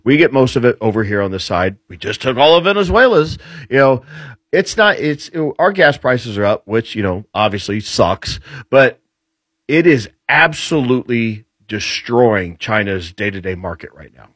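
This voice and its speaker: A man speaking as a guest commentator, with a slightly husky voice that rises and falls a great deal. He builds his points with rhetorical questions in an easy, talkative way. The recording is dry and close. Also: medium pitch, big pitch swings, normal speed, fairly bright tone, no echo. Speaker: guest commentator on military affairs. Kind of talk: casual political talk.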